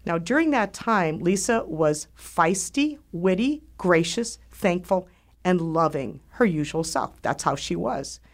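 A middle-aged woman hosting a show, speaking in a slow, earnest and heartfelt way. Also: on the low side, expressive. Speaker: host. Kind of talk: scripted monologue.

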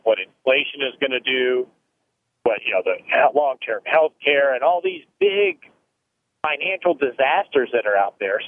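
Casting note: male phone-in guest, explains carefully with restarts, mid-range pitch, tinny phone-line sound. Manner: explanatory, thoughtful, frequent restarts. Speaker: retirement planning guest. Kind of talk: phone interview.

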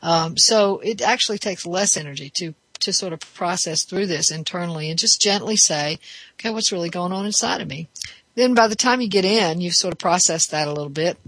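A woman hosting a radio advice show as a therapist, talking in a relaxed, thoughtful way with many fillers and restarts. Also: lowish voice, fairly quick, few pauses, no room sound.

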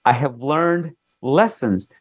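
A man's voice: medium pitch, lively intonation, takes it slowly. A man speaking as an interview guest in an earnest, motivational way. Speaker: guest, jewelry designer. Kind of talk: interview talk.

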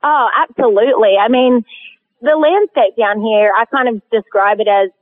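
An Australian woman guest telling a story in a casual, animated way, laughing often, heard over a phone line. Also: fairly high pitch, normal speed. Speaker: guest hunter.

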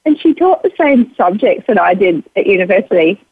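A woman's voice: medium pitch, big pitch swings, brisk, slightly rough, no echo. A woman in her fifties with an Australian accent, a grandmother and charity founder, answering interview questions as she tells a long story and quotes others in a lifted voice. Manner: warm anecdotal storytelling, quoting others with lifted voice. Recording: dry tinny phone line.

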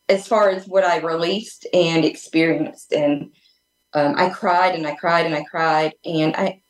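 A woman guest telling a personal story in a casual, earnest way, rambling with many restarts and fillers over a remote call. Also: lowish voice. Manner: earnest and open. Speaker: podcast guest. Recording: echoey room.

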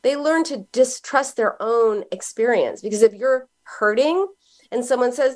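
A middle-aged woman psychoanalyst talking casually as an interview guest, animated and laughing as she tells stories. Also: fairly high pitch, unhurried. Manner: animated storyteller, acts out quoted voices with a laugh.

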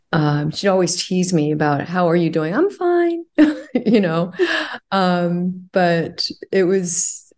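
A woman with a low voice talks through her past as a podcast guest. She speaks reflectively, pausing and restarting, with fillers and light laughter. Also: darkish tone. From California. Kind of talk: conversational interview.

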